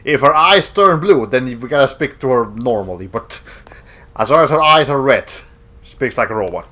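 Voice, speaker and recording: Brief: young man, let's-play streamer, animated pitch, joking asides. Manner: rambling, jokey, quick asides. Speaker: game streamer.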